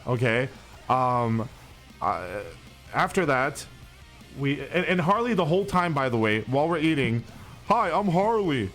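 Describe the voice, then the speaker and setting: A man's voice: mid-range voice, lively intonation, unhurried, a bit bright. A young man hosting a stream, telling a long story in a rambling, profane way with lots of restarts. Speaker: streamer host. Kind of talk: casual storytelling to stream chat. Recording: faint music behind.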